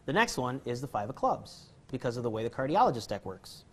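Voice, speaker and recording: A man's voice: mid-range voice, big pitch swings, fast talker, husky. A man teaching card magic in a casual demonstration, rambling, jokey and self-deprecating, chuckling often. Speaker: magic instructor. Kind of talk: casual card-trick tutorial.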